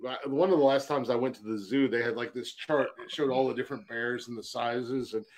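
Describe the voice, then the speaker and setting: A man's voice: mid-range voice, steady tone, brisk. A man co-hosting a podcast in casual, profane banter, laughing often as he tells stories. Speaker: podcast co-host. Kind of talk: casual chat.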